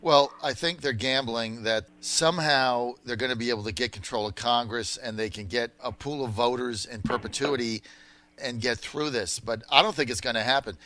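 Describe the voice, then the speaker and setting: A man's voice: medium pitch, moderate pace, pushed and bright. A man hosting a political talk radio show, delivering emphatic, punchy commentary and promotional reads.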